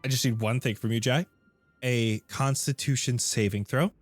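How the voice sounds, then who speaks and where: A man serving as game master, describing scenes with lively narration and wide swings in pitch. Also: normal speed, no echo, faint music behind.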